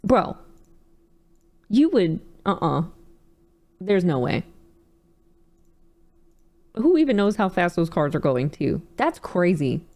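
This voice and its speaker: A young adult woman streamer casually reacting to videos, animated and laughing often, with casual swearing. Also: lowish voice, slow pace, long pauses.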